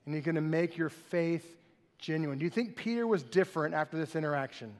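A pastor preaching a sermon in an animated, conversational way, in a large church hall. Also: male voice, on the high side, a little fast.

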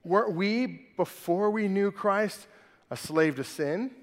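A man's voice: high-pitched, slow, long reverb tail. A man preaching a sermon as pastor, emphatic and fond of rhetorical questions like "right?".

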